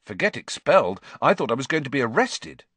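A man's voice: mid-range voice, big pitch swings, a little fast, a bit bright, slightly rough, dry recording, pitched above the performer's own voice, full character voice. A man voicing a modest teenage boy who speaks sincerely, a little sheepish.

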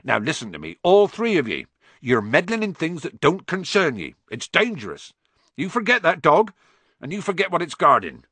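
A man voicing a big, gruff male gamekeeper who speaks in a folksy dialect, reading an audiobook. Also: fairly high pitch, wildly swooping pitch, moderate pace, sharp tone, no echo, voice pushed up, exaggerated voice.

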